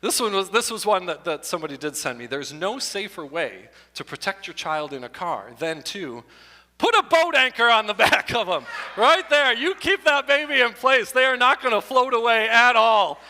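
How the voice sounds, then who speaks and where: A middle-aged man doing stand-up comedy with slides at a church show, animated and breaking into loud exclamations. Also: sits high, moderate pace. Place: church hall before an audience. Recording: long hall reverb.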